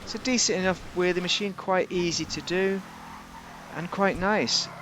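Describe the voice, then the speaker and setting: A man's voice: high-pitched, normal speed, noisy background. A man giving a casual, rambling, jokey commentary while reviewing a car in a video game.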